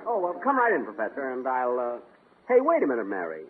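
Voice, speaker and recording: A man's voice: mid-range voice, wildly swooping pitch, fast talker, very noisy. A man hosting a 1940s radio comedy, playing it exasperated and indignant. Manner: exasperated, indignant comic timing. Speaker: comedy show host. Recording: tinny old radio broadcast.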